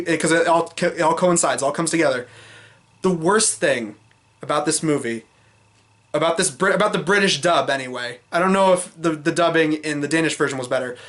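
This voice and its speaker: Rambling man with a high-pitched voice. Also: fairly bright tone. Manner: rambling, with many fillers and restarts; frank, exasperated criticism. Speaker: film reviewer. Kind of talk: casual review vlog.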